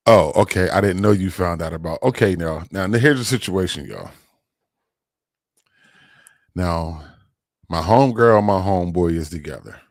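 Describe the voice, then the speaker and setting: Slangy, animated man telling a story. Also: normal speed, pauses often, no echo, clean studio sound. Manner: slangy, animated, rises high when excited. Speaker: livestream host. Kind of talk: casual storytelling on a livestream.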